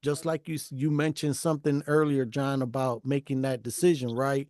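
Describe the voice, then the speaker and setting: A man's voice: mid-range voice, level tone, normal speed, dark tone, dry recording, studio quality. A man hosting a casual heart-to-heart talk, earnest and encouraging, often repeating his phrases. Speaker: podcast host.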